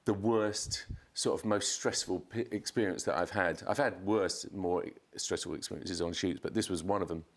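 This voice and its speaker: A man, a podcast guest, telling a chaotic anecdote in casual chat, swearing and jumping up in pitch to act out quotes. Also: normal speed, few pauses. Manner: animated storyteller, swears, acts out quotes in a raised voice.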